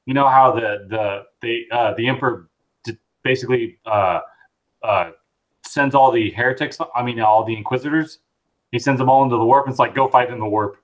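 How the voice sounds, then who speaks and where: A man co-hosting a casual live chat, excitable and rambling as he retells scenes. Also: medium pitch, normal speed, low-quality recording. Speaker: podcast co-host.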